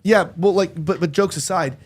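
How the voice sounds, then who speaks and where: A man with a somewhat high speaking voice tells a story on a podcast. He is lively and crude, jumping between jokes and the next turn of the tale. It is casual studio chat. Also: moderate pace. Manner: animated, crude joking anecdotes. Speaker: podcast host.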